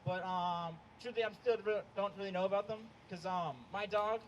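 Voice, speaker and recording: A young man doing a stand-up set outdoors, hesitant and deadpan, with many ums. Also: high-pitched, brisk, highs cut off. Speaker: stand-up comedian. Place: outdoor show in the cold. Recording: noisy outdoor recording.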